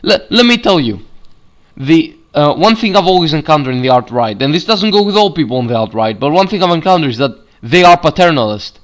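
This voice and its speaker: A man with a somewhat high voice argues hotly in a video commentary. He swears freely and reads passages aloud, often stumbling and restarting his words. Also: animated, fairly quick. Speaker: YouTube commentator. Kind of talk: heated political rant video.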